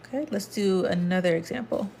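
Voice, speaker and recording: A woman's voice: mid-range voice, a little fast, creaky, warm tone, a little hiss or hum. A woman teaching a casual language lesson, explaining patiently and repeating points to the viewer. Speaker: Spanish teacher.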